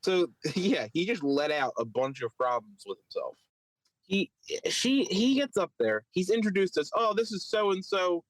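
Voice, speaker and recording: A podcast co-host with a Philadelphia accent rambles through a long story, leaning heavily on fillers and retelling it with animation. His voice is a little high and unhurried, and the recording is dry and rough. It's a casual storytelling chat.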